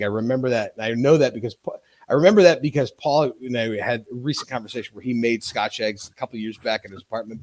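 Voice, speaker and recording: Man, podcast co-host, halting storyteller, swears casually, average pitch. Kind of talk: casual chat.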